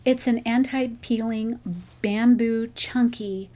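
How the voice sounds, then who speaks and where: Slow-talking woman gushing over gifts. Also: a little high, steady tone, warm tone. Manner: gushing, sentimental, thankful. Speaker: crochet vlogger. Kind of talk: casual chat.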